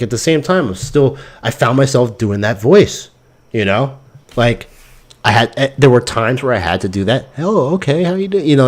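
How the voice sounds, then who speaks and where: Male stream host, mid-pitched, very animated delivery, loose, cussing, exasperated storytelling. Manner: ranting, exasperated. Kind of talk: casual rambling monologue.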